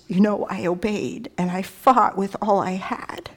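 A woman tells her own story to an audience, with deep feeling in her voice. Her delivery is loose and conversational, full of fillers and quoted exchanges. She drops to whispers and soft laughter as she talks, at an ordinary pitch for a woman. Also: steady tone, measured pace. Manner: many fillers like "you know" and "like". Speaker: speaker giving a personal testimony. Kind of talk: personal testimony talk.

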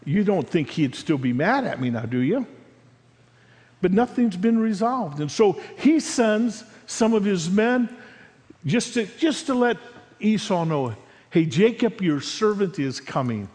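A high-pitched man preaches, acting out the figures of the story as he goes. His delivery swings from ringing emphasis down to near-hushed lines. A long reverb trails every phrase, as in a big hall. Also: big pitch swings, a little slow. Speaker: pastor. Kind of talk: sermon.

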